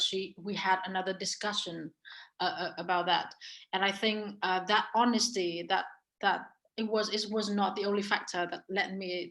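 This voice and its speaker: A woman's voice: mid-range voice, fairly bright tone, low-quality recording. A woman co-presenting an online webinar over a video call, telling her own interview stories in an earnest way, with many restarts and fillers. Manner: halting, frequent restarts and fillers; earnest storytelling about past interviews. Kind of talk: casual online webinar talk.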